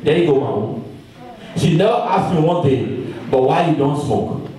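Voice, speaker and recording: A man preaching a storytelling sermon, animated and calling out to his congregation from the pulpit. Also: a little high, normal speed. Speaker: pastor. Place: large church hall. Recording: echoey hall, mic far off.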